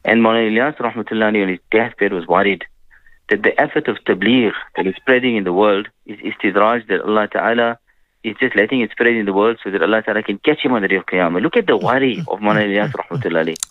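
A man giving a gentle religious talk on a radio program, telling stories and peppering his speech with "you know". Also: on the low side, fast, no echo. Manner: gentle preaching with frequent "you know" fillers. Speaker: Islamic scholar on a radio program. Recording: dry phone-line radio sound.

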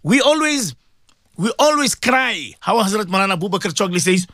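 A man's voice: sits high, very animated, moderate pace, pushed and bright, no room sound. Male radio preacher, fervent and pleading, repeats lines for emphasis, dry close sound. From South Africa. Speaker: Muslim cleric hosting a radio show. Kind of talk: impassioned radio sermon.

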